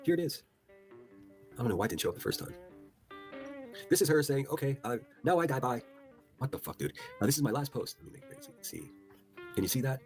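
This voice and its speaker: A man's voice: medium pitch, big pitch swings, quick pace, long pauses, a little mellow, faint music behind. A man hosting a livestream, reading posts aloud with incredulous, profane commentary. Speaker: livestream host.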